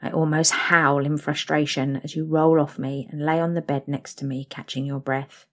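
A young woman narrating an intimate second-person story, soft and slow. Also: low voice, level tone.

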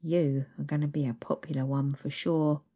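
A smug coworker who needles and teases with a knowing edge, voiced by a woman reading a story aloud. The voice is deep and sits low, delivered in a plain storybook reading. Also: little pitch movement, normal speed, dark tone, slightly rough. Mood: teasing. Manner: taunting, knowing. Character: smug teasing male coworker.

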